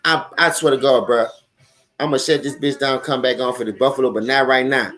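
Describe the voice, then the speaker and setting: Fairly quick and fairly bright, his mid-range voice keeps a fairly even intonation. He's a young New Orleans live-stream host ranting about football with plenty of profanity and energy, speaking right to his audience.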